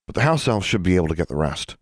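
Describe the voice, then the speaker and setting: A man's voice: sits low, big pitch swings, very fast, no echo, studio quality. A man voicing a firm, encouraging older teenage witch girl. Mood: practical.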